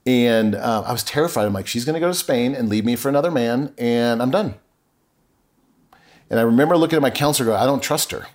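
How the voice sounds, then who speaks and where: A man's voice: medium pitch, fast talker, darkish tone. A middle-aged man talking as a podcast guest, telling a personal story earnestly and acting out remembered conversations. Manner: earnest, acts out remembered dialogue.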